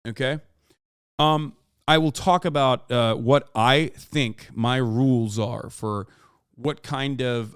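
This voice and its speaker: A man in his thirties talks through a live reaction stream in a smooth, resonant voice, recorded dry and close with no room sound. He rambles with plenty of fillers and restarts, swears freely and flares up now and then in loud exasperation. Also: mid-range voice, dry recording. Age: 30s. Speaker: streamer and political commentator. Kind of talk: casual reaction-stream commentary.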